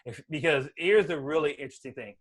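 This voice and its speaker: A man giving casual career advice at an online meetup, talking fast and animated, peppering his talk with "like" and "right?", speaking from a room at home over a video call. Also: fairly high pitch. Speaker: guest speaker, Angular developer.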